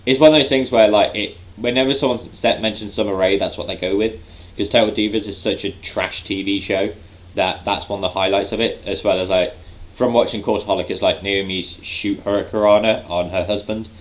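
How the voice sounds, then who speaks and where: Rambling low-voiced man recapping wrestling. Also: steady tone, brisk, rough recording. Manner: rambling, heavy use of um and like. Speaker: wrestling reaction vlogger.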